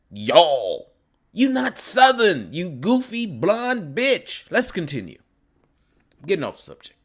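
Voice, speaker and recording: A man's voice: mid-range voice, sharp tone. A man delivering a ranting commentary, mocking and scolding with insults. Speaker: commentary vlogger.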